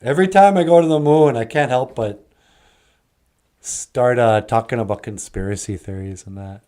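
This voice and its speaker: A man's voice: mid-range voice, moderate pace, warm tone, clear, resonant tone. A man in his forties hosting a comedy show, joking in an easygoing way. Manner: jokey and easygoing. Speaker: host. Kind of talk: comedic puppet-show banter.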